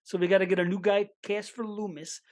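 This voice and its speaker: Male podcast co-host, easygoing, thinks out loud, casual chat. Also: sits high, level tone, fairly quick.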